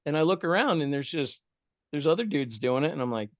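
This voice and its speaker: A man telling a humorous story as a podcast guest, animated and self-mocking, with lots of casual dude and bro. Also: on the high side, a little fast, no echo, lo-fi sound.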